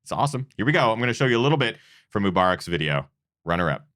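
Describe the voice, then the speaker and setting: A man's voice: on the low side, big pitch swings, racing, a bit bright, no echo, clean studio sound. A man hosting a running channel's awards show, talking earnestly and rambling with restarts. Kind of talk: casual awards show chat.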